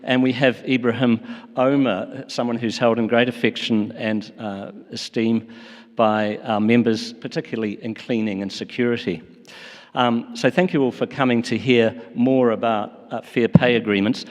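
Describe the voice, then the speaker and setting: A man's voice: medium pitch, steady tone, normal speed, lo-fi sound. A man, a union official, addressing a meeting in a friendly, hesitant way with many fillers. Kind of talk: speech at a public meeting. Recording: echoey hall.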